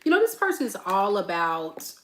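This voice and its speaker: A woman doing a casual tarot reading for viewers, chatty and animated, calling them "y'all.". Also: mid-range voice, moderate pace, background noise. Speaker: tarot reader.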